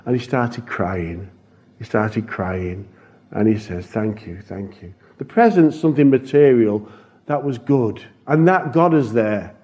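A man's voice: medium pitch, expressive, a little slow, a little mellow. Earnest man sharing a church testimony. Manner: earnest storytelling with restarts. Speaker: church missions speaker. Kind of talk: heartfelt testimony to a congregation. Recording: dull lo-fi recording.

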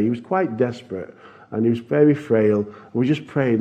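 In a dull, lo-fi recording, a church missions speaker with a mellow, medium-pitched voice talks at a moderate pace. He sincerely recounts a mission-work testimony to the congregation, occasionally starting over.

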